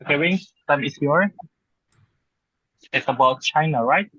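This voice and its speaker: Online class host, man, raspy voice, muffled dry recording, casual promo patter. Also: on the high side, a little slow, pushed and bright, no room sound. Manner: promotional, casual, filler-heavy.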